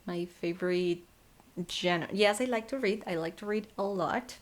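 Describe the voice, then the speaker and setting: A young woman answering fan questions in a casual vlog, sleepy and yawning, slipping into soft whispers and laughing often. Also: medium pitch, a little slow.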